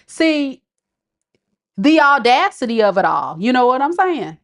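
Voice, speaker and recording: Sassy tarot lady on a live stream, kinda high voice, laughs a lot. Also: measured pace, long pauses. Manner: sassy, animated, laughing often, slangy. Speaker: tarot reader.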